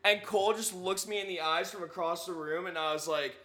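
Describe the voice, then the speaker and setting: A young man in college telling an animated story on a casual podcast. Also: high-pitched, brisk. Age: young adult. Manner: animated storyteller, laughs often.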